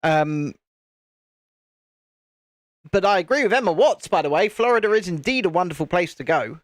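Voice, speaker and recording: British man, high voice, live-stream host, chatty, jokey, dry close sound. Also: animated, moderate pace, no echo. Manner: chatty and jokey, laughs often, restarts sentences. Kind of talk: casual chat while building, answering viewer comments.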